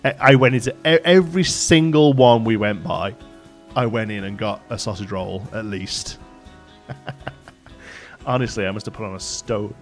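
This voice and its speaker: A live streamer from Staffordshire, England, rambles casually while gaming and reads chat aloud, full of fillers and restarts. His fairly low voice is unhurried and pauses often, with soft background music.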